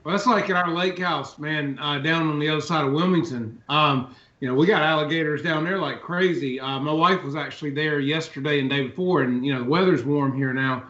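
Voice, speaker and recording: A man's voice: fairly high pitch, fairly bright tone. A middle-aged man, a podcast host, telling folksy stories in casual chat, often adding "man". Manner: folksy storyteller, drawn-out tales with "man". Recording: roomy, dull lo-fi sound.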